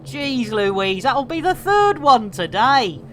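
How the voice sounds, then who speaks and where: Woman, 50s, game streamer; slightly high voice, unhurried, chatty, loud exclamations, swears. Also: very animated, slight background noise. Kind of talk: live gameplay stream chatting with viewers.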